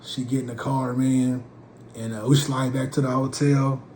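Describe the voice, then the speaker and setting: A man from Portland telling a comic story in an animated, slangy way. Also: mid-range voice, moderate pace, slight background noise. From Portland, USA. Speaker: comedic storyteller. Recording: roomy with faint ambience.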